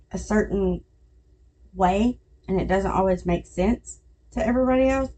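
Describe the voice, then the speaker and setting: Middle-aged woman podcast host, warm low-key tone, chatty storyteller who laughs at her own jokes. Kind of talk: casual chat.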